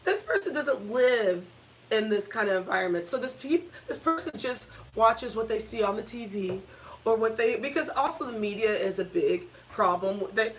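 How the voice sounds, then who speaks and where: A woman's voice: on the high side, lively intonation, normal speed. A woman co-hosting a casual talk show, blunt and profane, often laughing as she talks. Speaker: co-host. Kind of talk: casual conversational rant.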